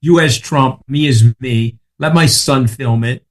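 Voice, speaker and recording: Profane fast-talking man telling stories. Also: medium pitch. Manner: profane, rapid storytelling with many asides. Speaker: podcast guest. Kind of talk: casual chat.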